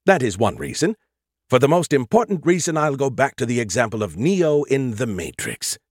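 Smug know-it-all AI, put on by a male audiobook narrator: condescending, animated, bone-dry read. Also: medium pitch, moderate pace, husky, no echo. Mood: lecturing. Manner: condescending, lecturing. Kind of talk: audiobook character voice.

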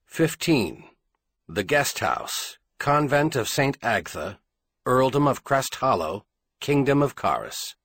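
Male audiobook reader, slow and dramatic, low husky voice with lively pitch. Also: no echo. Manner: measured, dramatic storytelling. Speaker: audiobook narrator. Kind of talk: scripted audiobook narration.

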